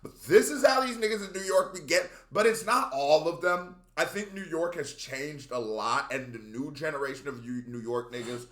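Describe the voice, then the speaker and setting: Male reaction host, high and bright, impassioned rants, echoey room. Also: expressive, moderate pace, hardly any pauses. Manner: impassioned, ranting, shouts at times. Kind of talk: animated reaction commentary.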